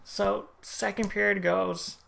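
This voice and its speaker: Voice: mid-range voice, level tone, slow pace, vocal fry, a bit bright. A hockey fan casually recapping a game in a vlog, retelling the plays one by one with strong opinions. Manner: play-by-play retelling, opinionated and chatty.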